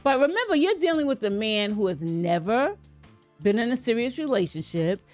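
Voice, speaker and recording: A woman's voice: a little high, sing-song, moderate pace, darkish tone, soft background music. Chatty woman hosting a reaction video. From United States. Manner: chatty, talks straight to viewers, playful asides. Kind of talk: casual reaction commentary.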